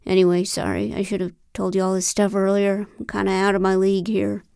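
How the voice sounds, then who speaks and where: A woman's voice: medium pitch, fairly quick, vocal fry, smooth, dry recording, studio quality, natural voice. A woman reading an audiobook, voicing a friendly, earnest man in his thirties who talks in an eager, chatty way. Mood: rueful. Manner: chatty, eager, animated outbursts. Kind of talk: audiobook character voice.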